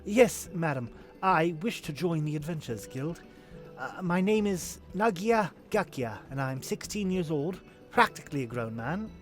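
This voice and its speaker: A man's voice: fairly high pitch, lively intonation, moderate pace, faint music behind, pitched above the performer's own voice, close to an everyday voice. A man voicing a nervous, eager teenage boy adventurer who speaks politely and a little stiffly, in a video game. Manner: polite, earnest and a bit stiff.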